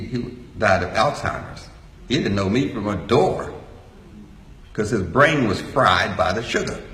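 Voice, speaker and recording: A man's voice: medium pitch, a bit bright. An older man giving a folksy, joking talk to a live audience. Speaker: speaker. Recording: echoey hall.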